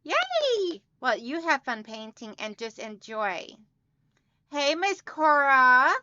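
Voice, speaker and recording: Woman, livestream host, chatty and upbeat, smooth clear voice, slightly high, dry slightly dull sound. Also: slow pace, pushed and bright, no echo. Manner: chatty and upbeat, greeting viewers by name. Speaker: livestream host of a quilting channel. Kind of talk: casual livestream chat, reading out viewer comments. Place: at home.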